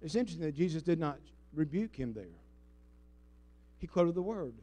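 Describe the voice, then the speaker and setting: A man preaching a sermon as pastor. He leads the congregation in call-and-response and swings between booming emphasis and hushed asides. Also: animated, moderate pace. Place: church sanctuary before a congregation.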